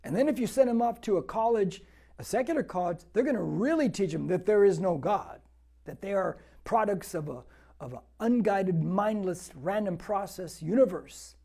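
A man's voice: high-pitched, lively intonation, normal speed, gravelly, dark tone, slightly rough. A man in his sixties preaching a verse-by-verse Bible teaching, talking conversationally and repeating words for emphasis as he builds to fervent exhortation. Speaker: pastor.

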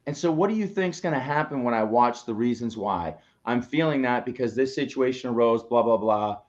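A man's voice: mid-range voice, lively intonation, moderate pace, lo-fi sound. A man co-hosting a motivational live show, coaching listeners in an emphatic, preachy way and swearing now and then. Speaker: co-host, coach.

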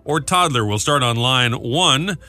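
A man co-hosting a morning radio show, his voice bright and clear. He banters and jokes as he reads out the segments and the phone numbers. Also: medium pitch, animated, unhurried, faint music behind. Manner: jokey, plays host and runs segments.

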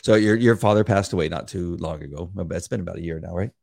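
Very deep, gravelly man. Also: quick pace. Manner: gentle, hesitant questioner with many fillers. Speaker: podcast co-host. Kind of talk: casual conversation.

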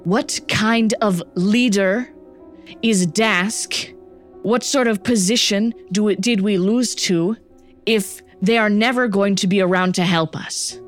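A woman's voice: medium pitch, lively intonation, takes it slowly, few pauses, a little mellow, soft background music, voice pushed up. A woman voicing a scornful war leader who mocks and challenges the others. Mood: challenging.

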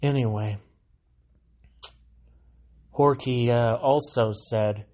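An American man delivers a sarcastic solo monologue at an unhurried pace. His voice sits at a middling pitch, and he keeps breaking into irreverent, mocking remarks that jump from loud bursts to low mutters. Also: expressive. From United States. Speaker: solo commentary host. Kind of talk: sarcastic monologue reading news.

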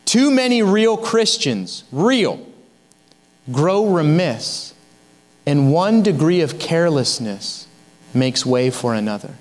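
Young male preacher, high voice, fervent and exhorting. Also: big pitch swings, slow pace. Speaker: guest pastor. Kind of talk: sermon.

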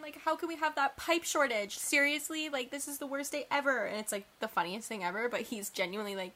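A woman's voice: high voice, fast talker, hardly any pauses. A young woman co-hosting a casual chat, telling stories in an exaggerated, giggly way. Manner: animated, exaggerated storytelling, giggly. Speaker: podcast co-host.

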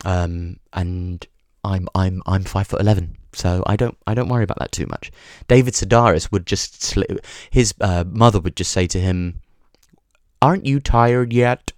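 A man's voice: sits low, steady tone, moderate pace, hardly any pauses, no echo, studio quality. A man hosting a podcast, talking in a rambling comic monologue, full of restarts and swearing. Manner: digressive, sweary, stumbling restarts. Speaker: podcast host.

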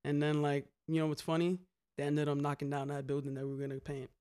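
Animated slangy young man. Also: a little high, fast talker, smooth. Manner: animated, slangy, swears a lot, repeats "a hundred percent". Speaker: graffiti writer telling stories. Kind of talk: casual storytelling chat.

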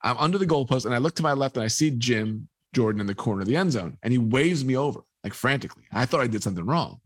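A man recounting a story as an interview guest, mid-pitched and close to the mic in a dry space. He tells it with energy and slips into the voices of the people he quotes. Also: fast, dry recording. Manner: animated, acts out quoted dialogue. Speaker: sports photographer, interview guest. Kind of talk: storytelling anecdote.

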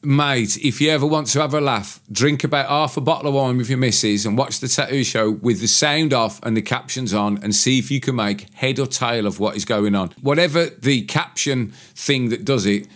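A man's voice: medium pitch, normal speed, few pauses, a bit bright. A British man co-hosting a casual podcast chat, explaining things at length in a rambling, matter-of-fact way. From Britain. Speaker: co-host.

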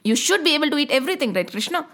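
Lady doing a little girl scolding and pleading, high lively voice that swoops around. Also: rapid-fire.

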